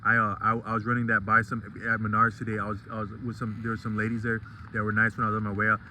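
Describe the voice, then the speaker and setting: Rambling man with a flat, bright voice. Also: on the low side, racing, a little hiss or hum, rough recording. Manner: rambling and digressive, many restarts. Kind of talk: casual vlog monologue.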